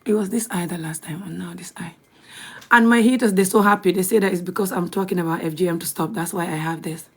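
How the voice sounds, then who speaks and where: A young Gambian-accented woman chats bluntly on a live stream, her low, steady voice moving fast with a breathy edge. She laughs often and sometimes drops to a whisper.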